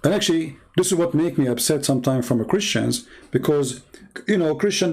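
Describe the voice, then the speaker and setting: A man's voice: on the high side, lively intonation, fast, a little mellow. A man hosting a livestream, talking in a blunt, combative and repetitive way. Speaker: host. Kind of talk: livestream commentary.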